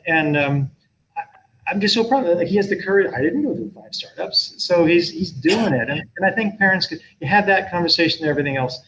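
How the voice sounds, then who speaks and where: Earnest middle-aged man, slightly high voice. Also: slight background noise, poor audio. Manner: thoughtful, earnest, with frequent restarts. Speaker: professor and guest speaker. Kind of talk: conversational talk on a video call.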